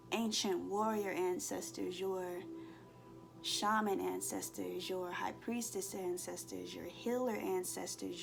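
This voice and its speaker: A woman's voice: medium pitch, gravelly. A woman giving a spiritual card reading to her viewers. She talks earnestly and emotionally, and keeps checking in with "okay?". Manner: emotional, expressive, acts out inner voices. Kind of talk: collective tarot-style reading to viewers. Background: soft background music.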